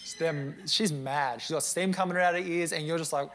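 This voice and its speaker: A man's voice: fairly high pitch, fairly quick, a bit bright. A man preaching a sermon in a conversational, earnest way, with joking asides to the congregation.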